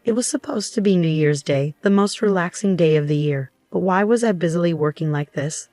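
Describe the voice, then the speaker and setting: Woman narrating, lowish and dry. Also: fairly quick, dark tone, dry recording, faint music behind. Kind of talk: scripted first-person storytelling.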